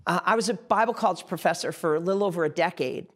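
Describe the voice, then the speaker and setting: A man's voice: high voice, fast talker, few pauses, a bit bright. Middle-aged male pastor, sermon delivery, earnest and fervent, addresses the congregation directly. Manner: impassioned, direct address, repeats phrases for emphasis.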